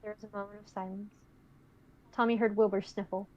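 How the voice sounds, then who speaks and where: Young woman co-reader, steady and playful. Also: mid-range voice, fairly quick, lo-fi sound. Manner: steady reading, playful and encouraging in chat. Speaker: guest co-reader. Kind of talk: reading fan fiction aloud and casual chat.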